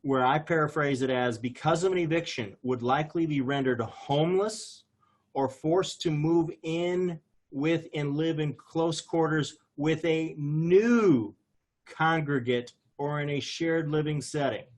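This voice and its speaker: A man's voice: on the high side, measured pace. Man, attorney, explanatory and fussy about wording, casual. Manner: nitpicking, explanatory. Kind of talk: casual webinar talk.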